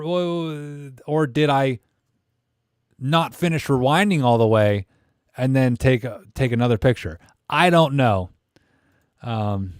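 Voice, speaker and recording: A man's voice: medium pitch, clean tone, dry recording, clean studio sound. A man hosting a live camera stream, rambling and joking as he reads chat comments aloud.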